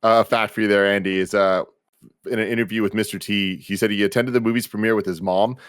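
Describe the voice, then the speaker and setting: A relaxed man with a fairly low voice gives his take on a film during a podcast. The recording is close and dry. He sometimes shares bits of trivia. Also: fast talker, clear, resonant tone, no room sound. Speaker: podcast co-host. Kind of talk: casual movie review chat.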